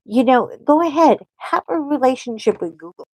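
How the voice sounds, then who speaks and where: A woman's voice: high-pitched, sing-song, normal speed, a little mellow, husky, no room sound, poor audio. A middle-aged woman hosting a casual coloring stream, rambling and chatting with frequent laughter. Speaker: host. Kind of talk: casual chat while coloring live.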